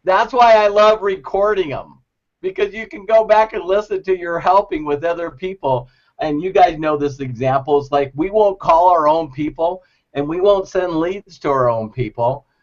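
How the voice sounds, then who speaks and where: A man giving a lively, laughing motivational talk to a group, acting out quoted voices. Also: sits high, normal speed. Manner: animated, laughing often, acts out quoted voices. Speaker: motivational speaker. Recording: dull lo-fi recording.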